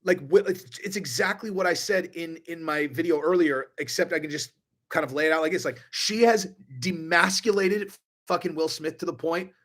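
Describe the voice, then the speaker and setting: A man's voice: high-pitched, a bit bright. A man ranting on a live stream, profane and rambling, restarting his sentences often. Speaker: online commentator.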